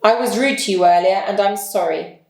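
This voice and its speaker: An excitable police inspector with a high, strained voice that climbs sharply when he is upset, put on by a woman reading a storybook. He sounds proud and easily worked up. The reading carries a noticeable room echo. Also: fairly quick, creaky, close to an everyday voice. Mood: apologetic. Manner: high-pitched, rising, shouting when angry. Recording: echoey room.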